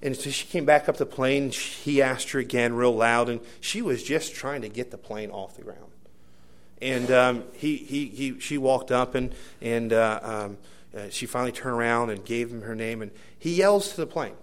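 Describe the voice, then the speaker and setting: A man preaching a sermon, telling a personal story with many fillers and restarts, moving between hushed asides and loud emphatic bursts. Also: mid-range voice, normal speed. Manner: rambling anecdotal delivery with many fillers and restarts.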